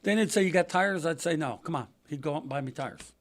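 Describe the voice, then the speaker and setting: An older man, a podcast guest telling racing stories in a casual, animated way, acting out quotes in a raised voice. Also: fairly high pitch, fast. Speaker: podcast guest, retired race car driver. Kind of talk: casual storytelling interview.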